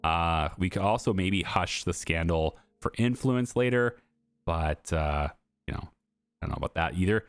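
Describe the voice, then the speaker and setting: A man hosting a gameplay video, chatting casually and thinking out loud with lots of fillers. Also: low-pitched, moderate pace, clear, resonant tone, dry recording.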